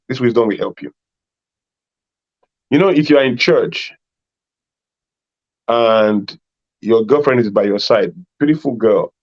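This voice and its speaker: A man's voice: mid-range voice, a little mellow. A man from Nigeria giving an emphatic preaching talk to a youth conference, repeating phrases and acting out little dialogues. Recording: dull lo-fi sound.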